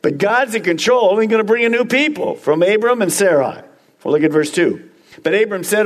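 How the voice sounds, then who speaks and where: Emphatic pastor preaching, man, fairly high voice. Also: animated, fairly quick. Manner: emphatic, speaks straight to the congregation with repeated phrases. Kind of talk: sermon.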